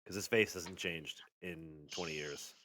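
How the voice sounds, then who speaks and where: A man's voice: low-pitched, steady tone, unhurried, pushed and bright, a little hiss or hum. A young man co-hosting a comedy podcast, laid-back, posing questions and chuckling. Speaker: podcast co-host. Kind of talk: casual comedy podcast chat.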